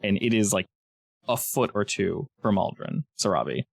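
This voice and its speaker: A man's voice: lowish voice, big pitch swings, moderate pace, vocal fry, no echo, clean studio sound. A man narrating a tabletop game as game master, in a chatty way with frequent restarts.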